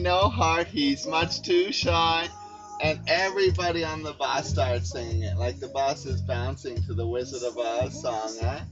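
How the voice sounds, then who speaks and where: A man hosting a casual chat, rambling through stories, swearing freely and ending his sentences with "eh". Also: mid-range voice. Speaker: host. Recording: dull lo-fi sound with loud music. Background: music playing.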